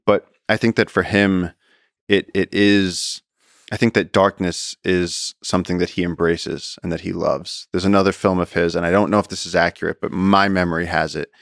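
A man speaking as a podcast guest, a conservationist and explorer, telling stories in an animated, casual way and often repeating words as he goes. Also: deep voice, normal speed, creaky, dry recording, studio quality. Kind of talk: casual storytelling conversation.

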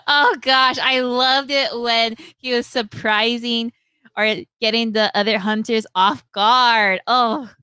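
A young woman hosting a podcast, animatedly retelling a story, acting out lines in quick voices and laughing often. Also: a little high, steady tone, pushed and bright, clear, resonant tone, no room sound. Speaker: podcast host. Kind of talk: casual chat retelling a story.

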